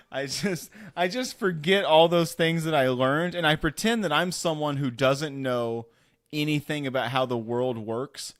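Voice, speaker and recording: Podcast co-host, man, higher voice, dry close sound, low-key wit. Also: a little slow, fairly bright tone, no echo. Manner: low-key, laid-back, wry. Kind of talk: casual chat.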